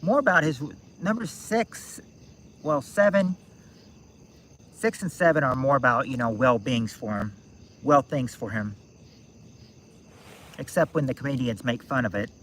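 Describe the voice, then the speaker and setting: A man's voice: medium pitch, animated, unhurried, long pauses, a bit bright, slight background noise. A man of about sixty hosting a game-night stream, rambling and thinking aloud with many restarts. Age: 60s. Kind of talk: casual live-stream chat.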